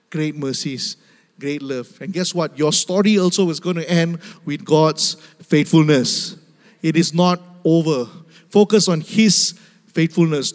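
A male preacher delivering an emphatic, repetitive sermon, speaking directly to the church and laughing often. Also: high voice. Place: church hall. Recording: long hall reverb.

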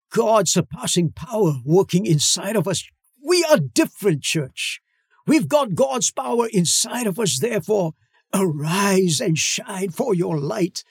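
Middle-aged pastor guy preaching, high voice with gravelly fry, dry close sound, slows way down then shouts. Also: dry recording. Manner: emphatic preaching with dramatic slow-downs and shouts. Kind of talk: sermon.

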